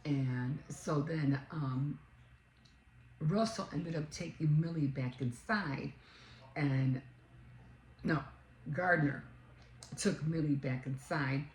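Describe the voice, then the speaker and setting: A woman's voice: low-pitched, slow, long pauses, roomy sound, a little hiss or hum, low-quality recording. A woman casually retelling a story, rambling along with many fillers and self-corrections. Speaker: vlogger.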